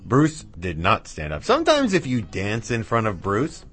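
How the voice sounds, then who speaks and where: A man's voice: on the low side, wildly swooping pitch, moderate pace, a bit bright, breathy edge. A man hosting a radio music show, back-announcing tracks in a chatty, rambling, self-mocking way with asides to his dog. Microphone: studio mic with headphones.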